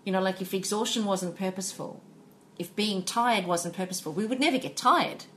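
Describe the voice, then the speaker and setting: A woman's voice: mid-range voice, a little fast, a bit bright, slight background noise. A woman co-hosting a podcast, speaking earnestly and searching for words as she reflects. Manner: earnest, searching, repeats phrases. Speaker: podcast co-host. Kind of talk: casual reflective chat.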